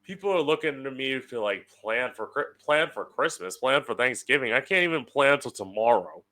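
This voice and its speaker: A man's voice: medium pitch, lively intonation, moderate pace, bright, forceful tone. A young man hosting his own podcast from home, talking casually in a chatty, sardonic way and swearing freely. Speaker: podcast host. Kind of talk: casual solo podcast monologue.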